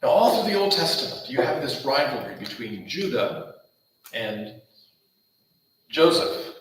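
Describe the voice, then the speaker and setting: A man's voice: mid-range voice, big pitch swings, unhurried. A man preaching a Bible study sermon, emphatic and repetitive, asking the listeners rhetorical questions. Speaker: pastor. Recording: roomy echo, mic far off, faint noise.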